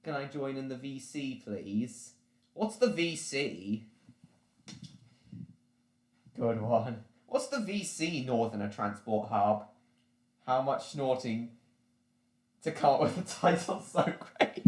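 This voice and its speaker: A man's voice: medium pitch, expressive, unhurried, reverberant. A man hosting a casual live stream, rambling and chatting with viewers as he reads their comments.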